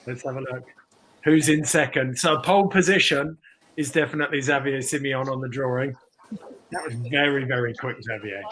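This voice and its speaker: A man's voice: mid-range voice, a bit bright, rough recording. A man hosting a casual online chat, upbeat and teasing. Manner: upbeat, teasing, quick asides. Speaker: host.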